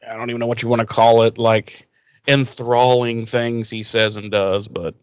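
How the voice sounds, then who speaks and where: A man's voice: mid-range voice, level tone, normal speed, clean tone, no echo. Profane rambling man recapping a show. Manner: profane, rambling, acts out characters' lines in silly voices. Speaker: podcast co-host recapping an episode. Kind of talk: casual crude recap chat.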